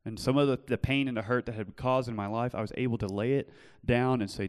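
A young man preaching earnestly in a church, telling his own story and then pleading gently with listeners. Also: medium pitch, steady tone, fast, big-room sound. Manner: earnest, shifts from loud storytelling to soft pleading. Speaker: pastor. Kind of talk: sermon with personal testimony. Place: church hall.

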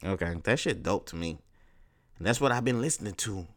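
A man holds forth alone on his podcast, his voice sitting a little low. He rambles in a laid-back, profane way, full of street slang. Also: lively intonation, a little fast, loud music behind the voice. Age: 30s. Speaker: podcast host. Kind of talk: casual solo podcast talk.

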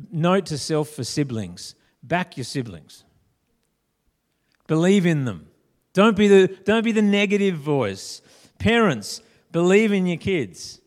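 Animated high-voiced preacher. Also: male voice. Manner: animated, acts out Bible characters with slang. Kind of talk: sermon. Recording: long hall reverb.

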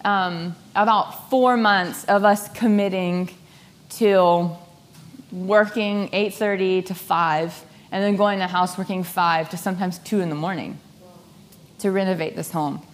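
A young woman telling a personal story in a lively, laughing way, acting out the voices of the people she quotes. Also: fairly low pitch, a little slow. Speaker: speaker sharing a personal story. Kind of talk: storytelling talk.

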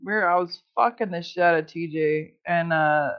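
In a dull lo-fi recording, a woman with a voice on the low side speaks at normal speed. She's a podcast host telling rambling, curse-heavy stories full of fillers in a relaxed conversation.

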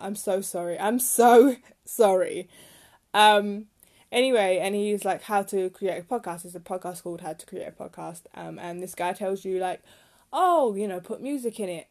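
A woman's voice: mid-range voice, darkish tone. A young woman hosting her own podcast from her bedroom, chatting casually in a rambling, self-deprecating way. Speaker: podcast host. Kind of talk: casual solo podcast chat.

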